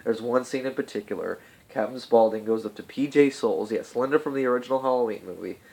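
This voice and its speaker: A man's voice: medium pitch, fast, gravelly, darkish tone. A man giving a casual movie review, chatty, laughing often and swearing freely.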